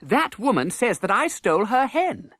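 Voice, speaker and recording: A man voicing an indignant market woman with a shrill, accusing voice. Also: sing-song, moderate pace, a bit bright, no room sound, clean studio sound, full character voice.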